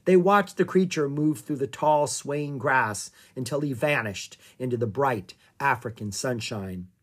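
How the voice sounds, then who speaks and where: An audiobook narrator reading a children's story aloud in a calm, expressive way. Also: medium pitch, unhurried.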